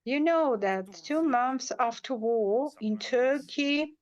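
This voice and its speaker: Slow, emotional woman on a panel. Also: high-pitched, darkish tone, rough recording. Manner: emotional and firm, with many hesitations and repeated words. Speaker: symposium panelist. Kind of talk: impassioned panel remarks.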